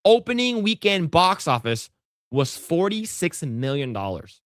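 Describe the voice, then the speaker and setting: Profane, lively podcast co-host. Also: male voice, measured pace, dry recording, studio quality. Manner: profane, laughing, acts out scenes in high voices. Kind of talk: casual chat.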